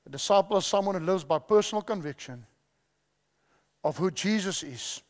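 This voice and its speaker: A man's voice: high-pitched, moderate pace. A male preacher giving a sermon, repeating key phrases and quizzing the audience, in a large church hall. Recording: long hall reverb.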